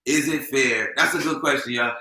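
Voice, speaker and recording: A man from Los Angeles with an LA accent, hosting a comedy show with loud, animated, profane teasing banter. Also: medium pitch, normal speed, echoey room, recorded from a distance, poor audio. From Lynwood, Los Angeles.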